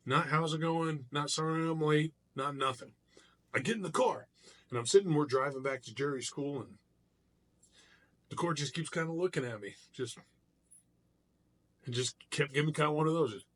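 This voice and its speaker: Animated middle-aged man telling a story. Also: on the high side, moderate pace, pauses often. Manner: animated storyteller, loose and conversational with restarts. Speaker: martial artist telling a personal story. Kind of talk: casual storytelling vlog.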